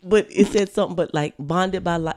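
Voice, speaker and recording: Low, mellow-voiced chatty woman. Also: fairly quick. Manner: chatty, loose and profane. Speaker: podcast co-host. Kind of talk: casual chat. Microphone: headphones on.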